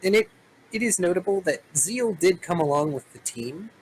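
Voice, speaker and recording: A game master runs a tabletop role-playing session, narrating dramatically and cracking playful jokes with his players. His high voice is expressive and moderately paced, captured in a rough recording with slight background noise.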